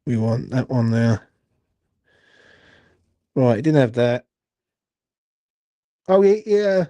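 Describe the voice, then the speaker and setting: A man's voice: mid-range voice, lively intonation, slow, dark tone, dry recording, lo-fi sound. A young man, hosting a live horse racing watchalong, swearing and grumbling in a rambling way. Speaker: watchalong host.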